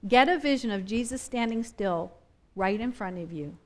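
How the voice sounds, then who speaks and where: High-voiced woman preaching with fervor. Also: lively intonation, moderate pace. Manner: impassioned, repetitive, rising and falling intensity. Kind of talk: sermon.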